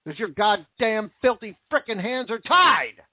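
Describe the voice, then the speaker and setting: A man's voice: high-pitched, big pitch swings, measured pace, dry recording. A man delivering an angry, profane rant full of rhetorical questions, turning sarcastic at times. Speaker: commentator. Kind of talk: angry ranting monologue. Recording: tinny phone-like dry sound.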